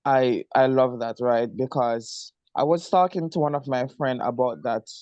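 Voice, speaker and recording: Male podcast host, mid pitch, dry close sound, keeps saying "right?" to egg the guest on. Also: steady tone, normal speed, a little mellow, muffled recording. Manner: encouraging, echoes and sums up the guest's points. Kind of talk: interview podcast conversation.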